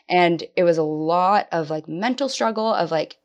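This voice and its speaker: A woman in her twenties talks casually on a podcast, voice a touch low. She tells her story in an animated way, quoting her past self in jumps of pitch. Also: fast talker, few pauses. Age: 20s. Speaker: guest.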